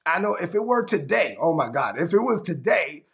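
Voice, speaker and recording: A man's voice: a little high, very animated, normal speed, gravelly, background noise. A man from Brooklyn preaching an emphatic, conversational livestreamed sermon. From Brooklyn, New York.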